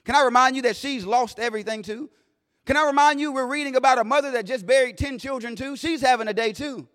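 A man preaching a sermon in a plain-spoken way, swinging between loud declarations and hushed asides. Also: very high voice, fast. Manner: plain-spoken, vernacular phrasing. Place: church sanctuary. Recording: long reverb of a large hall.

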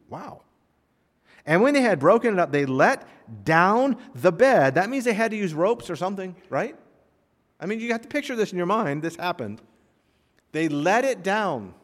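A man preaching a sermon as a pastor, acting out short quoted voices in an animated way. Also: sits high, in a large hall.

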